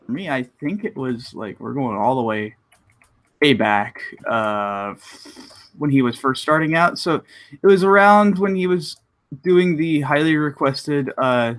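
A man's voice: medium pitch, takes it slowly, fairly bright tone. Hesitant man with a mid-range voice. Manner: hesitant, many fillers. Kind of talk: casual chat.

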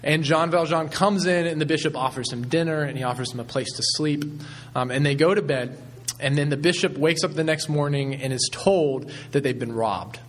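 Male pastor, somewhat high voice, measured sermon storytelling with fillers.

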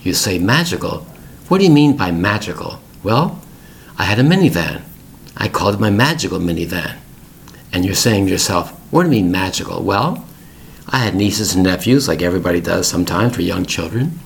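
A man's voice: low-pitched, expressive, brisk, gravelly. A middle-aged man hosting an English-learning podcast, telling a family story in plain, repetitive words for learners.

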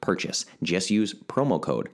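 A man with a fairly low voice hosts his own podcast from a home setup. He talks in a loose, rambling, upbeat way and keeps poking fun at himself. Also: big pitch swings. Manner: upbeat, rambling, self-mocking with quick asides. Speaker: podcast host. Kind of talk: casual solo podcast talk. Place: home studio.

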